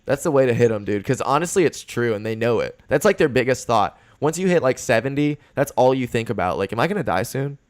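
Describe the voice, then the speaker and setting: Young male podcast host, casual, sweary, animated storyteller. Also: mid-range voice, quick pace, hardly any pauses. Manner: profane, fired-up storytelling. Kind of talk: casual chat.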